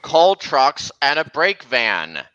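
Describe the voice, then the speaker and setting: A man's voice: medium pitch, big pitch swings, slow pace, bright, forceful tone, clean tone, dry recording, lo-fi sound. A man hosting a casual stream, chatting over video clips and pointing out details to his viewers. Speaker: stream host.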